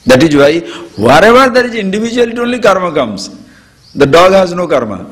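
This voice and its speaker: A man talks through a spiritual discourse, his voice sitting a touch high and swooping widely up and down. He chuckles often and acts out homely examples as he teaches an audience.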